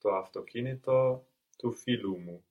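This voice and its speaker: A man's voice: medium pitch, normal speed, a little mellow. A man acting as a student in a language lesson, giving short, careful answers to drill prompts.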